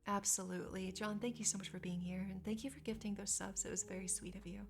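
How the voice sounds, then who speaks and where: A woman's voice: medium pitch, little pitch movement, quick pace, faint music behind. A woman streamer in casual chat, reading and answering her chat with chatty, squeamish asides.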